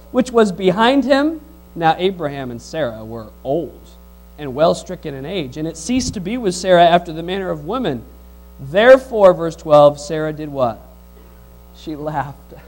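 A man preaching a sermon, reading scripture aloud and putting questions to the congregation in an animated way. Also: very high-pitched, poor audio.

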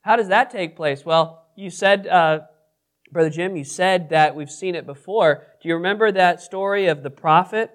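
A man's voice: sits high, normal speed. A man leading a Bible study in a casual, conversational way, often asking the group questions and adding self-deprecating asides. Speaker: pastor teaching a Bible study. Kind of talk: casual interactive Bible teaching.

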